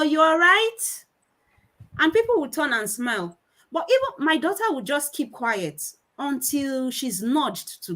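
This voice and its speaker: A woman in her thirties with a Nigerian accent, giving a conference talk on children's speech and acting out her children's voices in animated anecdotes. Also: on the high side, low-quality recording.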